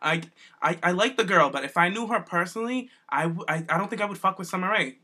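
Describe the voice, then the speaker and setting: An animated co-host whose bright voice swoops up and down as they act out little scenes. They talk casually and swear freely in a round-table chat. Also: mid-range voice, quick pace, slightly rough. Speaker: podcast co-host.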